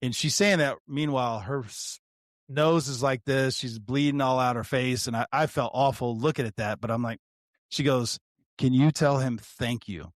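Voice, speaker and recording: A man's voice: mid-range voice, moderate pace, no room sound, studio quality. A man, a retired deputy co-hosting a podcast, telling a story in casual chat. He swears freely, talks animatedly and often restarts his sentences. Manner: profane, animated, frequent restarts.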